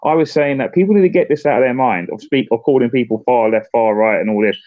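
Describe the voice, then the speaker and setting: A man's voice: medium pitch, dry recording, narrow, tinny audio. A man, a political candidate, in a casual political chat, often restarting and repeating words as he gets going. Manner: halting, repeats words when starting sentences.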